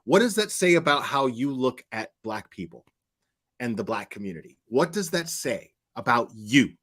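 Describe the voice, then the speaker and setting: A man's voice: mid-range voice, big pitch swings, moderate pace, a bit bright. A man giving angry reaction commentary, swearing often and stumbling over his words when he gets worked up. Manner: heated, profane, stammering when worked up. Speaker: commentary streamer.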